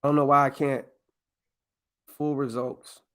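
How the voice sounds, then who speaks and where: Working his way through a mock draft, the podcast host keeps his live-stream chat casual and profane, speaking excitedly and directly to viewers. His pitch is medium and his pace measured.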